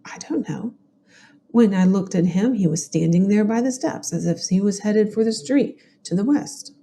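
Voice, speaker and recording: A woman with a Southern US accent reading an older woman neighbor's testimony at an 1890s inquest in a plain, steady way. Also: medium pitch, normal speed, a little hiss or hum, close to an everyday voice. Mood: matter-of-fact.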